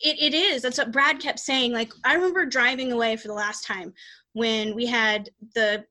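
A woman's voice: on the high side, steady tone, normal speed, pushed and bright. A woman hosting a podcast, chatting casually about her life and her readings in a rambling way with many restarts. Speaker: podcast host and psychic reader.

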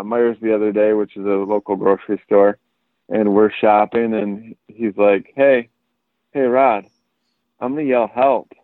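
A man's voice: lowish voice, dry recording. A man, chatting on a podcast and animatedly telling stories while acting out the quotes. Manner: animated storyteller, acts out quotes. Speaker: podcast guest. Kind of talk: casual podcast chat. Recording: tinny phone-like line, dry.

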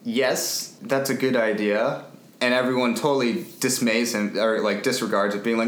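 A man's voice: mid-range voice, steady tone, moderate pace. A man in a casual movie chat, laid-back, often chiming in with short agreeing replies. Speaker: film podcast co-host. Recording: echoey room, faint ambience.

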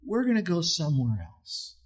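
A man's voice: fairly high pitch, wildly swooping pitch, moderate pace. A man preaching a sermon as a pastor, talking to his listeners conversationally and asking them rhetorical questions.

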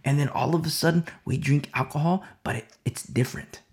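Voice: medium pitch, brisk, creaky, a little mellow. A Bible teacher giving an informal, conversational talk to a home fellowship, rambling with many asides and restarts.

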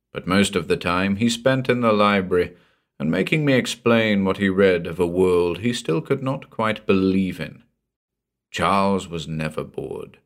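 A man narrating a short story in a measured, deliberate reading. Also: lowish voice. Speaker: audiobook narrator.

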